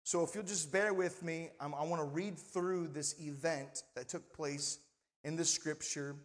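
A man's voice: a little high, fairly even intonation, a little slow, in a large hall. A male pastor preaching a sermon in a conversational manner, often asking the congregation for responses. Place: church sanctuary.

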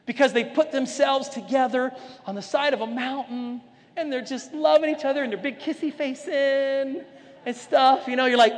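Male preacher, very high voice, lively storyteller; long hall reverb. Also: moderate pace. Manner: animated storyteller acting out voices. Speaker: pastor. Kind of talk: sermon.

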